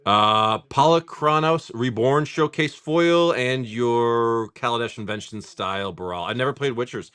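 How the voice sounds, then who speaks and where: A man hosting a live stream, rambling casually, swearing freely, and reading off card names in quick lists. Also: medium pitch, fairly bright tone, smooth, no echo. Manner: rambling, swears freely, laughs often at chat. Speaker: live-stream host opening card packs.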